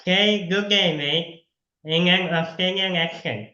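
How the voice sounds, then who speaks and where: A man's voice: high-pitched, slow, bright, forceful tone, dull audio. Chatty young-sounding man on a roomy call. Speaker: interviewer. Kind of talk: casual video call interview. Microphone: video call.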